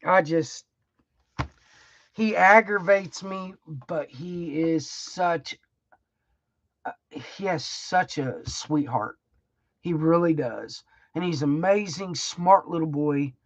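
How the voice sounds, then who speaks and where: Slow-talking middle-aged woman. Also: low-pitched, no room sound, muffled recording. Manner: rambling, emotional, laughs often, folksy phrasing. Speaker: livestream host. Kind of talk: casual heartfelt livestream chat.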